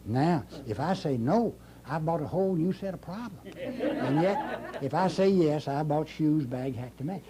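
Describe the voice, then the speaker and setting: A man's voice: a little high, animated, measured pace, a crowd in the background. An older man giving a folksy, emphatic motivational speech to a live audience, repeating his key phrases. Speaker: motivational speaker. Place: speaking to an audience in a room.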